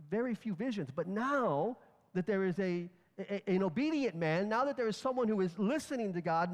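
A man preaching a sermon, retelling scripture with lively storytelling and acted-out voices. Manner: storytelling, acts out crowds and captains with lively swings in pitch. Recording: long hall reverb.

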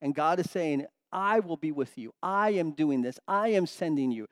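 A man teaching a Bible study, animated and emphatic, dropping to quiet asides between loud stressed points. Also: on the high side, moderate pace, hardly any pauses, no room sound, studio quality.

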